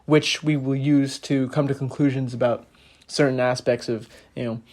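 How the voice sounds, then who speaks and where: A man's voice: medium pitch, fairly even intonation, normal speed, a little mellow. A young man hosting a casual podcast, speaking with a slight lisp and explaining ideas earnestly with frequent fillers. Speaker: podcast host.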